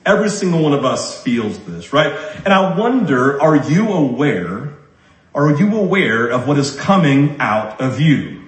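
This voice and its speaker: A man preaching a sermon as pastor, repeating his key lines slowly for emphasis and often tagging "right?" onto his sentences. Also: fairly high pitch, sing-song. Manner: frequent tag question "right?". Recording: roomy echo.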